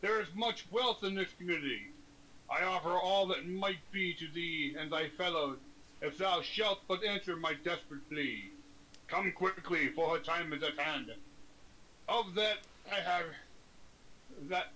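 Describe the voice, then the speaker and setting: A man voices a desperate village elder who begs for help in stiff archaic phrasing. The voice rides a little high and sounds bright. A faint hiss sits underneath. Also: a little slow, rough recording. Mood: pleading. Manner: archaic formal reading. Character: desperate old-fashioned village elder writing a plea. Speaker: player.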